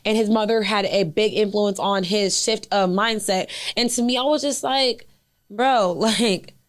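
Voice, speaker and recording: A young woman co-hosting a casual podcast chat, candid and laid-back, quick to laugh. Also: mid-range voice. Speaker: podcast co-host.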